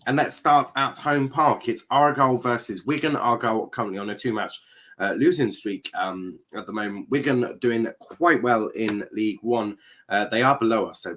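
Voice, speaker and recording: A man's voice: mid-range voice, moderate pace, a bit bright. A man hosting a casual football show, rambling along, reading out viewer comments with plenty of hesitant fillers and restarts. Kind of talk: casual live-stream chat.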